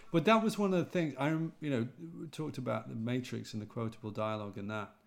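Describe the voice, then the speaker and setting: A man's voice: mid-range voice, fast talker, creaky. English man with a North Midlands accent. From England. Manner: relaxed, rambling, self-correcting. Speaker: preacher. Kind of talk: casual podcast chat.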